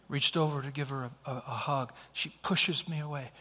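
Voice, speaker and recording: A man's voice: fairly high pitch, fairly even intonation, fairly quick, few pauses, bright, forceful tone. A middle-aged male preacher telling a personal story in a sermon, earnest and acting out the dialogue. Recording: long hall reverb.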